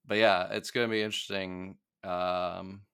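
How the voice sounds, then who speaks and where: A man co-hosting a podcast, chatting casually about a TV episode, laughing often and relaxed with fillers. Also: deep voice, moderate pace, vocal fry, clean tone. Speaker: podcast co-host.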